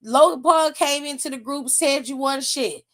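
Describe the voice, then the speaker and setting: A young adult woman hosting a wrestling aftershow, recapping it in a blunt, profane, exasperated rant. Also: normal speed. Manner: blunt, profane, exasperated, laughs and pitch jumps up when mocking.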